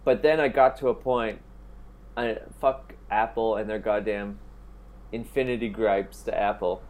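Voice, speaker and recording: A man's voice: on the low side, measured pace. A young man from Canada telling a long story in casual chat, cursing a lot and acting out the people in it. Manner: profane, animated storytelling, mimics other voices.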